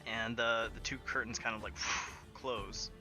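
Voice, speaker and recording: Bright-voiced man running a tabletop game. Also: mid-range voice, steady tone, measured pace, soft background music. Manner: playful storytelling with frequent fillers. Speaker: game master.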